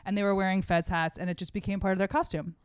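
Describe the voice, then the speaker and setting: A woman's voice: medium pitch, fairly even intonation, fast talker, smooth, dry recording. Rambling, profane woman co-hosting a podcast. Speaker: podcast co-host. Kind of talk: casual chat, explaining a topic from notes.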